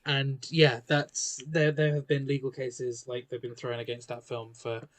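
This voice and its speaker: A man's voice: mid-range voice, flat delivery, a little slow. A man as a podcast guest in casual chat, thoughtful and hesitant, often restarting.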